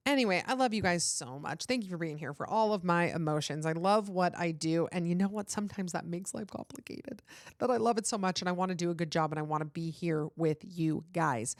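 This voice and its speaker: A woman's voice: fairly low pitch, no room sound, clean studio sound. A young adult woman hosting a podcast, giving earnest, pleading relationship advice in casual chat, full of "like" fillers, with a runny nose. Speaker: podcast host.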